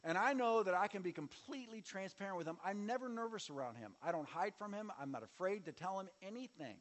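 A man preaching a sermon as pastor, calling on the congregation to repeat after him and swinging between loud and soft. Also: sits high, expressive, fast. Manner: preaching with audience call-and-response and sweeping shifts in volume. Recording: long reverb of a large hall.

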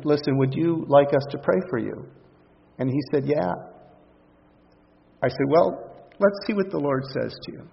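A man preaching a sermon, telling a story with lots of quoted dialogue in an animated way. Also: a little high, slightly rough. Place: church hall. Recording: dull lo-fi recording with long hall reverb.

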